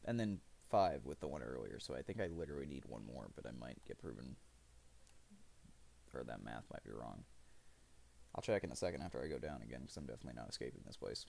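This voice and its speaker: Gravelly low-voiced man streaming gameplay. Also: sing-song, fast talker, a little mellow. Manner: rambling, profane, self-mocking. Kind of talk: live gameplay commentary.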